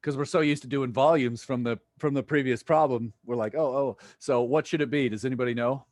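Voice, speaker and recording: Playful physics lecturer on a video call. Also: male voice, medium pitch, brisk, a little mellow, no echo, studio quality. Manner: playful, jokey, quizzes students. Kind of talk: online lecture.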